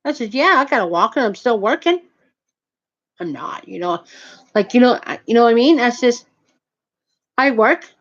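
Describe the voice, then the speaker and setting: Speaking in a higher-pitched, expressive voice at a moderate pace, a woman rants through a long, indignant story and pauses often. She rambles, restarts a lot, swears heavily, uses nonstandard grammar and keeps saying "you know what I mean," all on dull lo-fi audio.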